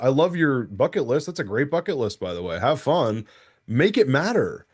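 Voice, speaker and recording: Guy ranting on a podcast, quick run-on sentences, keeps cutting himself off. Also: medium pitch, slightly rough. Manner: animated, ranting, rapid run-on sentences with self-interruptions. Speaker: podcast co-host. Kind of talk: casual podcast chat.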